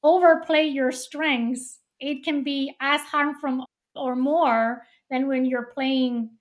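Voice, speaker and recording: High-voiced woman hosting a podcast. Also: steady tone, takes it slowly. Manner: affirming, reflective interviewer. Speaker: podcast host. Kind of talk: interview host and read ad.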